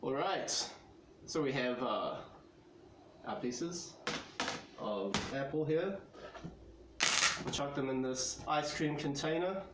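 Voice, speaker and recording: A man's voice: medium pitch, expressive, slow, long pauses. New man rambling casually, roomy, noisy. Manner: easygoing, rambling, hesitant with many fillers. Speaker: vlogger. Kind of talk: casual vlog talk. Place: home kitchen, then outside by the back door. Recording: roomy sound with loud traffic noise.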